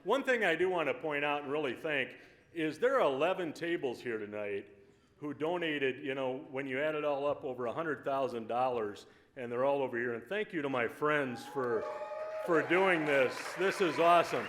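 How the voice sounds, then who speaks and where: A man giving a loud, joking, profanity-laden acceptance speech at an awards dinner. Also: mid-range voice, animated, moderate pace. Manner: loud, joking, swearing freely. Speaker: company CEO accepting an award. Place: banquet hall at an awards dinner. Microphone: podium microphone. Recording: live hall recording with crowd and noise.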